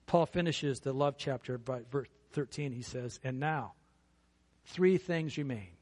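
A man's voice: mid-range voice, measured pace, darkish tone. A middle-aged man preaching a sermon in a church, earnest and building to fervent emphasis. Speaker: pastor.

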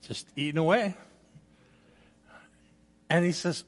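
Older man, sermon, folksy anecdotes, high-pitched, big echoing hall. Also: expressive, measured pace, a bit bright. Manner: folksy personal storytelling. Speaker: guest preacher. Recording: long reverb of a large hall.

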